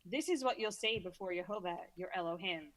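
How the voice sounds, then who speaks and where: Speaking a little fast, a podcast guest from Brooklyn, New York talks casually and reads scripture aloud, stumbling and repeating herself here and there. She has a Brooklyn accent and a fairly low, slightly bright voice.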